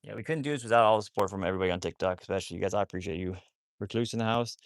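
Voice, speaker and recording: A man's voice: fairly low pitch, racing, clear, resonant tone, no echo, clean studio sound. A man hosting a casual livestream about rescuing wolfdogs, rambling with many restarts while he talks to his dogs.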